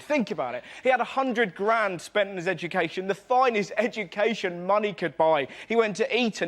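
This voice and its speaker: A high-voiced man delivers a quick stand-up routine, jumping between voices to act out the people in his jokes. Loud noise sits under the TV studio audio. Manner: quick, animated, mimics people in silly voices. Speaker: stand-up comedian. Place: TV studio with live audience.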